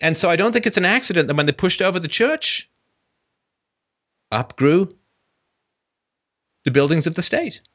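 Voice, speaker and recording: A man hosting a call-in show, talking in an animated, joking way with frequent restarts. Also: high-pitched, normal speed, long pauses. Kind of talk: casual call-in conversation.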